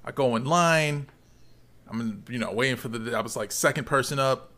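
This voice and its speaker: Animated man telling a story. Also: medium pitch, normal speed. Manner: animated storytelling, swears freely. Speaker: podcast co-host. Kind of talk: casual podcast chat.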